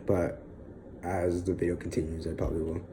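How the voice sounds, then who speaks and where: A young man in an emotional personal monologue, halting and filled with pauses, sighs and fillers, sounding close to tears. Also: low-pitched, little pitch movement, background noise. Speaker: vlogger.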